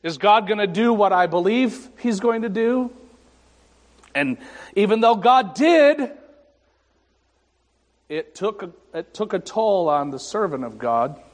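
A man preaching a sermon as pastor, pausing dramatically and voicing scripture and God's words with rising emphasis. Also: sits high, very animated. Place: church sanctuary. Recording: long hall reverb.

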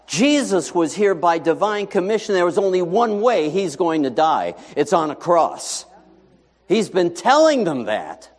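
A male pastor preaches a conversational sermon, firing rhetorical questions at his congregation. His pitch is somewhat high and swings widely. His voice carries a long reverb from a large church hall. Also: big pitch swings, a little slow.

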